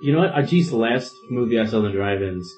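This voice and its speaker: A man's voice: medium pitch, animated, fast talker, a little mellow, faint music behind. A man chatting casually on a podcast, telling a story about a drive-in trip. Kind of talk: casual chat. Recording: slightly dull lo-fi sound.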